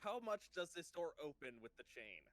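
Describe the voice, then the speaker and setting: A man's voice: fairly high pitch, very animated, brisk, a bit bright, no room sound. A man player in a tabletop game, hesitant and self-mocking. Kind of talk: casual chat during a tabletop game.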